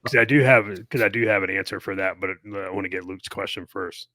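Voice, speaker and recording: A man's voice: low voice, quick pace, pushed and bright, dry recording, studio quality. A man who retired from the army, co-hosting a podcast and chatting in a laid-back way, often repeating himself while thinking. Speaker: podcast co-host, retired soldier. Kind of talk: casual chat.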